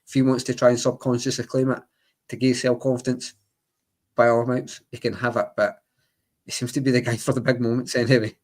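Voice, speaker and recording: A man chats about football on a podcast in a fairly flat, even voice. He circles and repeats himself as he talks. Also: medium pitch, fairly quick. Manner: chatty, repeats himself, laughs now and then. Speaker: podcast co-host. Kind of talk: casual football chat.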